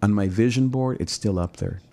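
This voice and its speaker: A man's voice: fairly low pitch, a little fast, creaky, mellow. A middle-aged man from Southern California, a pastor, talking earnestly about his drive, repeating words as he builds intensity. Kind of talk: personal reflection talk.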